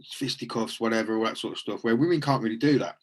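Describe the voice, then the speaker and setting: A man's voice: mid-range voice, fast talker. A man hosting a casual, reflective chat, earnest and rambling with frequent restarts.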